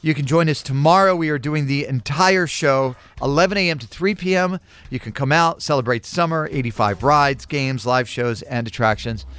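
A man's voice: fairly high pitch, moderate pace, a bit bright, smooth, dry recording. A man hosting a radio quiz segment in the studio, reading trivia questions in an upbeat, punchy way. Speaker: radio show host.

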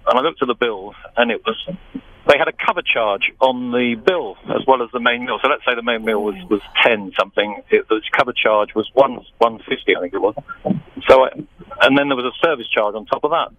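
A man from the UK calling a radio phone-in, telling an animated, indignant story about being overcharged. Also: medium pitch, a little fast, no echo, muffled recording. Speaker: caller.

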